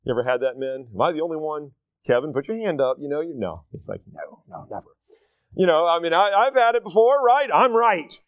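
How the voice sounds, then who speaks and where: A man's voice: fairly high pitch, expressive, quick pace, clear, resonant tone, no echo, lo-fi sound. A middle-aged man preaching a sermon in a church, conversational and full of rhetorical questions to the congregation. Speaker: pastor.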